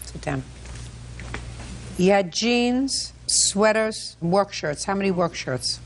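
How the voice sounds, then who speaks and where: A woman's voice: medium pitch, expressive, slow pace, slight background noise. A woman presiding as a television court judge, questioning the parties bluntly and scolding them as she cuts in.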